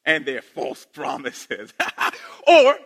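Lively bright-voiced male preacher. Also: a little high. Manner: animated and playful, laughing and quick asides; repeats phrases for emphasis. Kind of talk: sermon.

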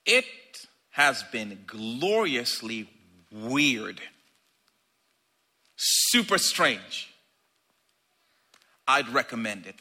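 A man preaching a sermon in a conversational, animated way, acting out little asides. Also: medium pitch, husky.

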